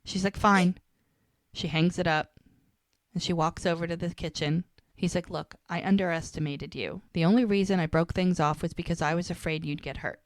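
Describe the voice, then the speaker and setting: A woman's voice: lowish voice, steady tone, moderate pace, dry recording, clean studio sound. A woman co-hosting a casual podcast, retelling a TV scene and acting out each character's lines as she goes. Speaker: podcast co-host. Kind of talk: casual recap chat.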